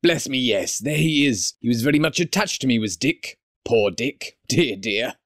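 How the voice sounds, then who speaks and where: A man's voice: medium pitch, animated, moderate pace, fairly bright tone, no room sound, studio quality. A man voicing an elderly miser in an audiobook, musing tenderly about an old friend. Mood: fond, wistful. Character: elderly miser, soft and fondly remembering. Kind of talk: audiobook character voice.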